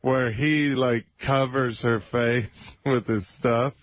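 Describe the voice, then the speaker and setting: A man of middling pitch on a radio show talks earnestly and unabashedly, taking his time to explain himself. The audio is dull and lo-fi, as if heard over a broadcast. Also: steady tone, slow. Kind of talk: casual comic radio banter.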